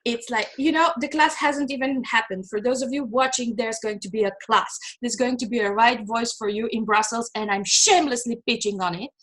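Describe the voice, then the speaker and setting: A woman hosting a conversational video call, animated and self-deprecating, often quoting others. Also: on the high side, brisk, few pauses. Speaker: host.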